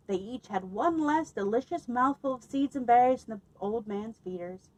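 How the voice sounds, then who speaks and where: A woman librarian reading a picture book aloud at children's story time, expressive and lively, pausing to ask her listeners questions. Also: fairly high pitch, poor audio.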